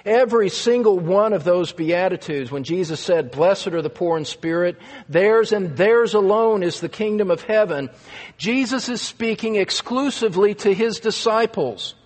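A man's voice: high-pitched, animated, normal speed, big-room sound. A man preaching a sermon as pastor, earnest and emphatic, stressing key words again and again.

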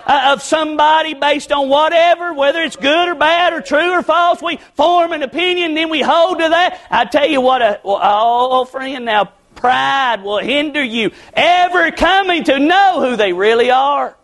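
Man, very high voice, fiery sermon, drops to near hush then shouts. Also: normal speed, hardly any pauses. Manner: impassioned, swings between shouting and hushed pleading. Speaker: preacher.

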